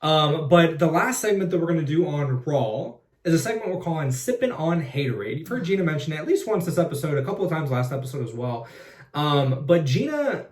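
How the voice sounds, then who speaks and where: A man's voice: a little high, big pitch swings, brisk, a little mellow. A man, co-hosting a casual podcast, introducing segments and teasing his partner. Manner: playful, teasing, leads the segments. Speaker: podcast co-host. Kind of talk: casual chat. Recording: echoey room, mic at a distance.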